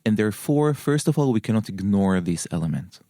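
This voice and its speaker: A man with an Israeli accent speaks in a low voice, talking earnestly as an interview guest. He explains his ideas step by step and keeps checking in with "right?". The sound is dry and close. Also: animated, a little fast, dark tone, dry recording. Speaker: guest scholar. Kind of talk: interview conversation.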